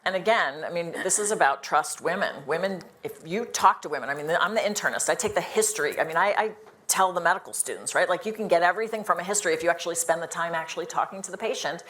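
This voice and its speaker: Low-voiced woman physician on a panel. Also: quick pace, a bit bright. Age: older. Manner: earnest, emphatic, many restarts. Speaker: internist on a panel. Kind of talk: live panel discussion.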